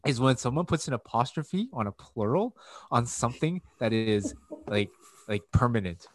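A man's voice: mid-range voice, lively intonation, moderate pace, no echo. A man ranting in casual podcast chat, swearing and getting worked up, from Canada. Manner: profane, gets worked up mid-rant. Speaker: podcast co-host.

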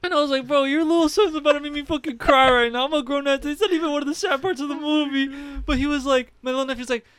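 A man's voice: extremely high pitch, quick pace, few pauses, fairly bright tone, dry recording. A young man co-hosting a podcast in casual chat, slangy and emotional, saying "bro" constantly. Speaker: podcast co-host.

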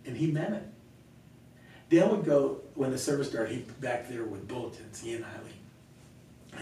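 A male pastor talking earnestly in a conversational Q&A, telling stories with gentle laughs. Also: lively intonation, moderate pace, pauses often. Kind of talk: conversational Q&A teaching. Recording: echoey room, mic far off, faint rumble.

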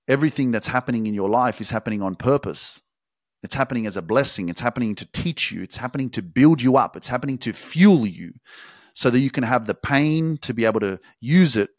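A man with a fairly low voice delivers an intense motivational podcast monologue. He leans into emphatic, drawn-out phrases and swears freely. The sound is close and dry, with no room around it. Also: no room sound. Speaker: podcast host.

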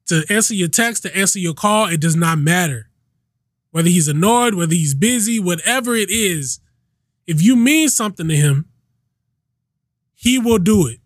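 A man with a high voice hosts his own podcast and rants in a loose, conversational way. He repeats lines for emphasis and swears casually. The recording is dry and close. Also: fairly bright tone, dry recording. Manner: emphatic, repetitive, swears freely. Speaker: podcast host. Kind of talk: casual solo rant.

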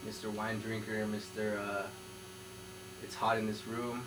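Low-voiced man over a humming room. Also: flat delivery, unhurried. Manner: playful, teasing. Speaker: podcast guest. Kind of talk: casual chat. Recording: mains hum in the background.

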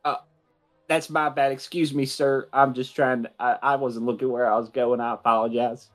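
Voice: mid-range voice, level tone, moderate pace, lightly acted. Player doing polite little kid, stammers a lot, eager, music behind. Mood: apologetic. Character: polite, chatty eleven-year-old boy from Alabama.

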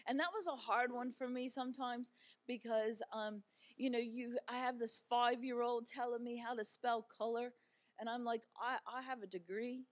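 Middle-aged woman guest speaker, bit high voice, chatty storytelling, lots of ums, light jokes. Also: level tone, moderate pace. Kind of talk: encouraging talk to an audience.

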